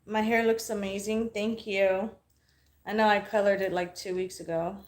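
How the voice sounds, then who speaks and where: A woman's voice: medium pitch, little pitch movement, normal speed. Woman in her 30s hosting a live podcast, blunt and jokey, cusses a lot, echoey room. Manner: blunt, playful, swears freely. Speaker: podcast host. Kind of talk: casual livestream chat.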